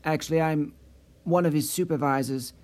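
A man's voice: fairly high pitch, steady tone, moderate pace, a little mellow, lightly acted. A man voicing a nervous male office supervisor who stammers and hesitates, raised a little above his own voice. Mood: flustered.

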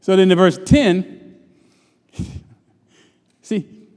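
A man's voice: high voice, very slow, darkish tone. A middle-aged man preaching a sermon in a conversational, teasing way that calls on the congregation to answer back. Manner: conversational, teasing, call-and-response. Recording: long reverb in a large hall.

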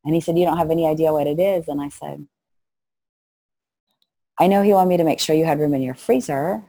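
A middle-aged woman with a low, gravelly voice tells her stories in a dark, husky tone. She acts out the people she quotes as she goes. The recording is close and dry. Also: brisk, no echo. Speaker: guest, missionary to orphans. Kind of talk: storytelling interview.

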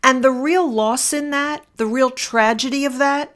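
Middle-aged woman, attorney type, deliberate storyteller, voice sits a little high. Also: fairly even intonation, a bit bright. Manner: measured, deliberate, slowing for emphasis. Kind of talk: personal storytelling and reflection.

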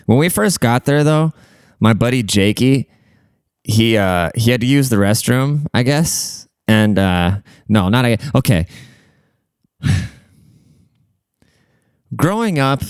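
A man's voice: medium pitch, lively intonation, slow, long pauses, clean tone, no room sound, studio quality. A young man telling stories in a casual, crude and profane way, rambling and full of fillers. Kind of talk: casual storytelling.

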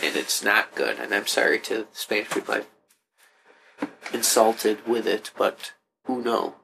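Gravelly man with jumpy pitch. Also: animated, measured pace, background noise. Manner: goofy, mangles Spanish for laughs. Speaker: podcast co-host. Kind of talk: casual podcast banter.

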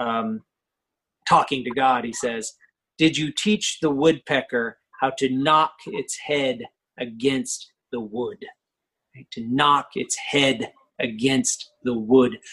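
Man, professor, poetry lecture, slow deliberate pace, husky voice, conversational, frequent check-ins. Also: mid-range voice, a bit bright, rough recording. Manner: thoughtful, often checks in with "right?", many fillers.

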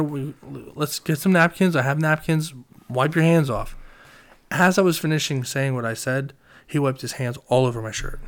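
A young man casually telling a story, swearing often and loudly acting out his friends' lines. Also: medium pitch. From Reading, Pennsylvania.

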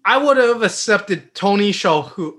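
A man on a casual podcast who gets heated and swears often as he vents his opinions. His pitch swings widely and sits fairly high. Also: expressive, measured pace, a bit bright. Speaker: podcast co-host. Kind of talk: casual chat.

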